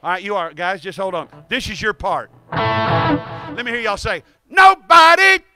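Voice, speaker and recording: A man's voice: high voice, fairly quick, pushed and bright. A man playing guitar at a church service, telling a folksy, joking testimony and leading the congregation in call-and-response, speaking into a stand microphone. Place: church sanctuary, in front of a congregation.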